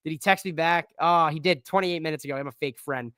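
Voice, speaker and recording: A man's voice: fairly high pitch, fast, a bit bright, clear, resonant tone, no room sound, clean studio sound. A man hosting a casual live-stream wrestling show, talking loosely with slang and lots of fillers. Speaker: wrestling podcast host.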